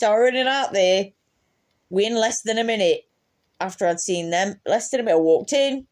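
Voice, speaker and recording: A woman's voice: mid-range voice, normal speed, darkish tone. A young woman tells a casual storytime anecdote, laughing often and swearing freely. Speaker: vlogger.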